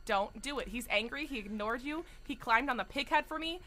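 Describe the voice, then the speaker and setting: Excitable young streamer woman, bright voice. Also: fairly high pitch, normal speed, soft background music. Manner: chatty, excitable, sing-song outbursts. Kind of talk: live gameplay commentary. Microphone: studio desk mic.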